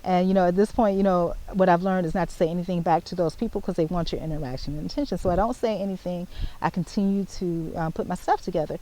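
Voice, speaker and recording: A woman, telling a story to the camera in casual chat, animated and repeating herself as she spells out details. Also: on the low side, quick pace, poor audio. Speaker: vlogger.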